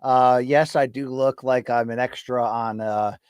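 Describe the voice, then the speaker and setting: A man's voice: mid-range voice, steady tone, measured pace, a little mellow, smooth, no room sound, studio quality. Chatty middle-aged man rambling on a livestream. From US East Coast. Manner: chatty, self-deprecating, hypes the chat. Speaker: podcast host. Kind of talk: casual solo livestream ramble. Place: home studio. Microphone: studio mic.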